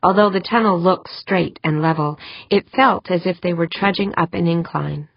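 Low-voiced woman narrating a novel. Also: moderate pace, creaky, no room sound, lo-fi sound. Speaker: audiobook narrator. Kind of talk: scripted narration.

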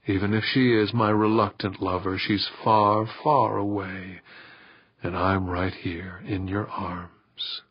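A man's voice: on the low side, fairly even intonation, unhurried, hardly any pauses, slightly rough, dry recording, highs cut off. A man voicing a teasing, persuasive woman in an audiobook, murmuring and partly whispering. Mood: intimate. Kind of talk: audiobook character voice.

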